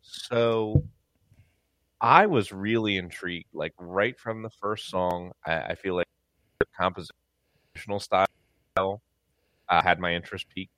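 A man's voice: sits low, a little slow, long pauses, a bit bright, no echo. A man co-hosting a music podcast, talking in a laid-back way with dry humor. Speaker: podcast co-host. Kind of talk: casual podcast chat.

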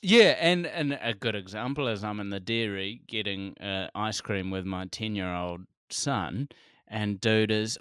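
A man in his forties with a New Zealand accent, a comedian telling animated stories in a casual podcast chat and laughing often. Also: fairly low pitch, unhurried, smooth, no echo, studio quality. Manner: animated storyteller, acts out quotes, laughs often. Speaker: comedian guest.

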